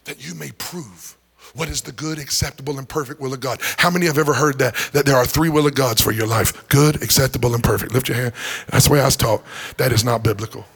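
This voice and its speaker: A man's voice: medium pitch, quick pace, vocal fry, fairly bright tone, slightly rough. A middle-aged man preaching a sermon in a church, swinging into sing-song rises and joking with the congregation. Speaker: pastor. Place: church sanctuary.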